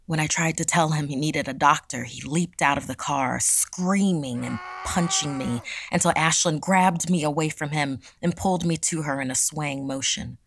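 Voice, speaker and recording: A woman narrating a scripted horror story in a measured, dramatic way. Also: sits low.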